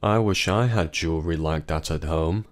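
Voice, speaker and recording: A man voicing a distraught grown woman who confronts her husband, pleading and then shouting, in a story narration. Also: moderate pace. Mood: puzzled. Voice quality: low voice pushed higher for a woman.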